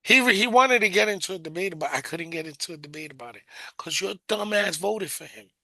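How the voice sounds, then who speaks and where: A middle-aged man with a Bronx New York accent, co-hosting a podcast and telling stories in a sarcastic, animated way. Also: high voice, fairly quick, no echo. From South Bronx, New York. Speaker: podcast co-host. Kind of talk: casual chat, storytelling.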